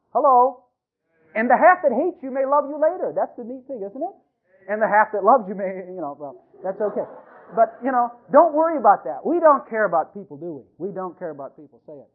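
A man who is a pastor, preaching an animated sermon to his congregation and calling out to them. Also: high-pitched. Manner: animated, talks to the congregation, many fillers. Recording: tinny phone-like radio sound.

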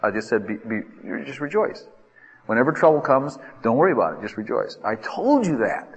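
A man preaching a sermon, acting out desperate pleas in a lively way. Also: fairly quick, breathy edge. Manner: animated, acts out pleas with rising pitch. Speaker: pastor. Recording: reverberant hall.

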